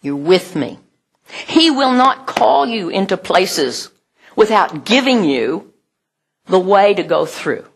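A middle-aged woman preaching a sermon in a relaxed, conversational way. Her voice is soft and breathy, of middling pitch, and she often breaks into laughter and acts out the people she quotes. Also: slow. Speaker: pastor.

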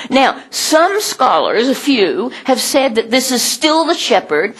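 A woman's voice: high-pitched, big pitch swings, slow pace, few pauses, slightly rough. A middle-aged woman giving a sermon in a conversational way, laughing often and acting out the voices she quotes. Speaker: pastor.

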